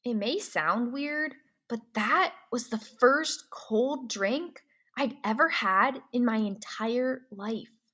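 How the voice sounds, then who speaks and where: Woman reader, slow, high and bright, pauses for comprehension questions. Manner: slow and clear, first-person storytelling. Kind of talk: reading a novel aloud with comprehension questions.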